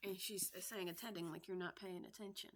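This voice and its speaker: A woman's voice: fairly low pitch, fairly even intonation, brisk, a little hiss or hum. A woman teacher reading a classic storybook aloud and chatting casually between passages to explain the words.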